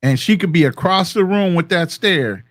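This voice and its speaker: A man co-hosting a podcast discussion, telling stories with animated asides. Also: sits high, normal speed, no echo, studio quality.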